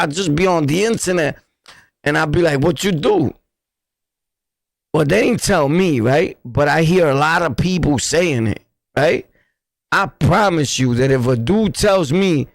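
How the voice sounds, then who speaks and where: A man's voice: sits high, vocal fry, dry recording. Blunt New York man ranting on livestream. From New York City. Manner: blunt, repetitive slang-heavy street talk. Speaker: livestream host. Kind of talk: casual livestream rant.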